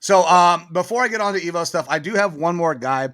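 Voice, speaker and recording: A man's voice: high-pitched, lively intonation, a little fast, a bit bright, dry recording, clean studio sound. A man guesting on a casual sports chat over a video call, easygoing and jokey. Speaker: podcast guest.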